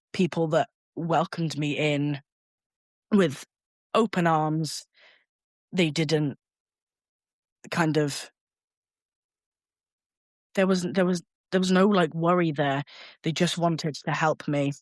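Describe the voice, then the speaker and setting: A young man, a podcast guest telling a personal story in a candid, halting way, swearing casually. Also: fairly high pitch, no echo, clean studio sound.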